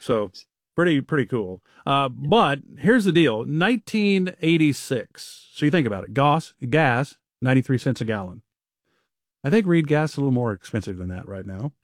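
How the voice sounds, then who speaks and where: A man's voice: mid-range voice, sing-song, normal speed, no room sound, studio quality. A man in his fifties hosting a radio show, talking in an upbeat, chatty way. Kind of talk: casual radio chat.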